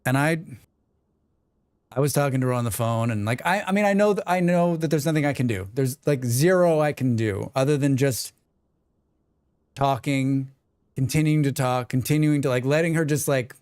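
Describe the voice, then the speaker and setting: A man chatting casually on a gaming livestream, excitable and swearing freely while he talks to his viewers. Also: medium pitch, clean tone, no room sound, studio quality.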